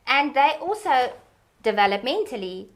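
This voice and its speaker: Lively woman explaining childhood development. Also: sits high, moderate pace. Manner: animated teacherly explaining. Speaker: early childhood development expert. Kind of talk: explanatory interview talk.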